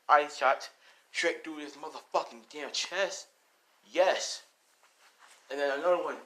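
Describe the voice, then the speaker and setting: A man improvising a fan-fiction action story, animated and profane, full of sound effects. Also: fairly high pitch, normal speed.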